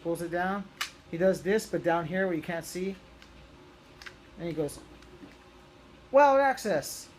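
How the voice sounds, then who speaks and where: Young guy w a high voice rambling thru a toy review, lots of ums, faint room hum behind. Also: fairly even intonation, moderate pace, long pauses. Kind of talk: casual toy review vlog.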